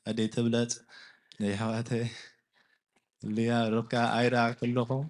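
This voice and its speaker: A man giving a formal thank-you speech at a church, quickly listing priests and family. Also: mid-range voice. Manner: rapid, monotone listing of names. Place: church hall.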